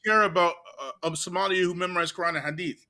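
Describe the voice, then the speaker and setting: A man from Canada hosting a channel, telling stories in an animated, chatty way with "you get me" asides. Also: high voice, rapid-fire. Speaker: channel host. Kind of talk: casual commentary and storytelling.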